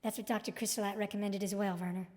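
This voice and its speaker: An actress playing an earnest young woman answering questions quickly, recorded with long reverb. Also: medium pitch, fairly even intonation, darkish tone, close to an everyday voice.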